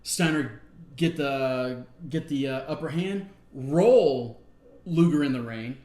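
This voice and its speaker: A man's voice: mid-range voice, slow pace, warm tone, echoey room. A man co-hosting a casual wrestling review show, recapping matches in a rambling way with lots of fillers. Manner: rambling, filler-heavy recap with acted-out quotes. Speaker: podcast co-host.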